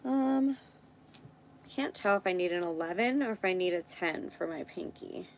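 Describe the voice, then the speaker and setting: A woman's voice: fairly low pitch, expressive, moderate pace, a little hiss or hum, low-quality recording. A woman hosting a casual live stream, thinking aloud as she works and chatting with viewers. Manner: thinks aloud while working, chats with viewers.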